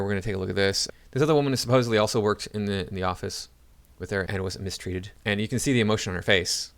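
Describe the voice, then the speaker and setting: A man's voice: fairly low pitch, creaky, a bit bright. A man giving casual reaction commentary to his viewers, rambling with many fillers and restarts. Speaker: video commentator.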